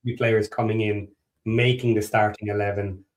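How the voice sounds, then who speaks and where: A man with a lowish, flat voice talks football at a moderate pace while co-hosting a casual fan podcast. He's earnest and analytical, repeating words as he thinks things through.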